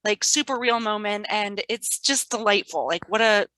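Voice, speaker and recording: A woman guest teacher chatting in an interview, animated and laughing often as she tells stories. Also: medium pitch, moderate pace, no echo, rough recording. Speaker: guest art and STEAM teacher. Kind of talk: casual interview chat.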